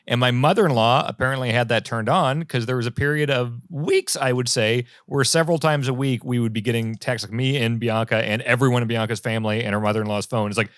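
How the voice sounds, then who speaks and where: A man's voice: mid-range voice, fast, no echo, clean studio sound. A man in his thirties co-hosting a podcast, chatting casually and telling stories with animation. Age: 30s. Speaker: podcast co-host. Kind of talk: casual chat. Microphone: remote call.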